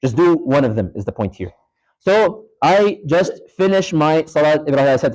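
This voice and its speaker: A man's voice: fairly high pitch, lively intonation, moderate pace, a little mellow, rough recording. A man teaching a live class in a mosque, casually walking students through a prayer demonstration and quizzing them as he goes. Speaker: Islamic studies teacher.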